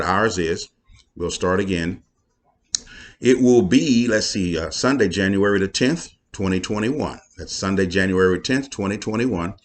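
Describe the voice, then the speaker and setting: A middle-aged man, a pastor talking casually to viewers in a folksy, preachy way with playful asides. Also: low voice.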